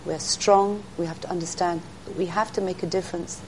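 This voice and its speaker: A woman's voice: lowish voice, steady tone, fairly quick, slight background noise, rough recording. A middle-aged woman, a guest in an interview, telling faith stories in an earnest teaching tone. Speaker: interview guest, speaker to women. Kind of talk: storytelling in an interview.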